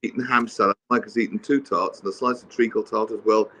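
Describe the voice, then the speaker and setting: A man co-hosting a radio show in casual chat, giving dry, deadpan replies. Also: lowish voice, fast talker. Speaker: radio co-host.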